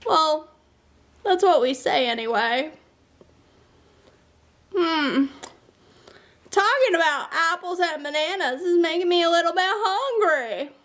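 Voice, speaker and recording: A woman voicing a playful young dinosaur who sings and roars, teaching children in a sing-song, drawn-out way. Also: very high-pitched, expressive, a bit bright, heavily acted. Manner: sing-song, stretches vowels, drawn-out words. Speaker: children's puppet show host. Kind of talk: children's sing-along lesson.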